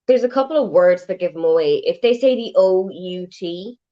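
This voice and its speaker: Irish woman from Waterford, wry and low. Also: animated, moderate pace, dull audio. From Ireland. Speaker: guest co-host. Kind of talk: casual chat on a video call.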